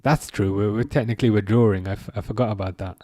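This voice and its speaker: A young man streaming a live football watchalong, chatting casually, reading chat messages aloud and reacting with sudden bursts of excitement. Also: lowish voice, fast talker, no room sound, studio quality.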